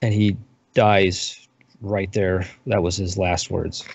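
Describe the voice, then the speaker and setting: Slow-talking male dungeon master. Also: low-pitched, creaky, husky, no echo. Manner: relaxed, unhurried descriptive narration. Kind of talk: narrating a tabletop game. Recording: muffled lo-fi recording.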